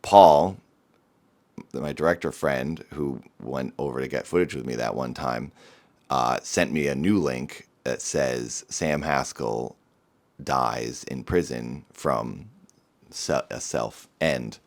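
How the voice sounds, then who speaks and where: Male vlogger, very deep voice, earnest and somber, rambling talk to camera. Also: slow.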